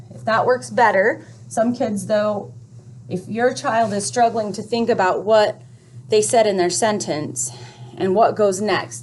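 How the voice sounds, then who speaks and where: A woman explaining a first grade reading lesson to parents, speaking clearly and patiently, step by step. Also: medium pitch, slight background noise.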